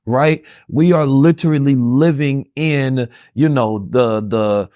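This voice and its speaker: A man's voice: mid-range voice, mellow, no echo, studio quality. A man hosting a conversation, speaking in long musing stretches and often checking in with "right?". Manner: repeats "right?" often, fast musing delivery. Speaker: host. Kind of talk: casual conversational talk.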